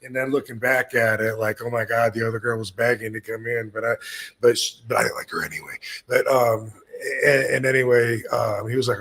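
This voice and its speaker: A man in his fifties with a gravelly, rough-edged voice, spinning a loose, rambling story on his podcast. He swears freely and pokes fun at himself as he goes. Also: mid-range voice, level tone, normal speed, fairly bright tone. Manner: rambling, profane, self-deprecating storyteller. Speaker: podcast host. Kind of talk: casual storytelling.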